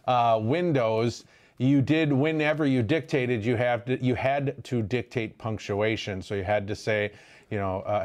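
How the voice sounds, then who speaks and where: A man's voice: medium pitch, unhurried, a little mellow. A man co-hosting a live tech show, giving practical tips in a chatty way with lots of fillers. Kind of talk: live stream tech talk.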